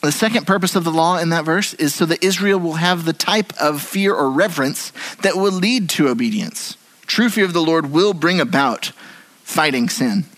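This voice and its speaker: A man preaching a sermon as pastor in a church, moving between hushed and animated delivery. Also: fairly high pitch, moderate pace, poor audio. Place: church sanctuary.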